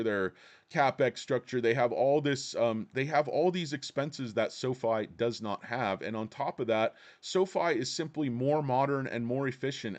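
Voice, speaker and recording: A man hosting a stock-market livestream, ranting in a sarcastic, crude way. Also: medium pitch. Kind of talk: casual livestream rant.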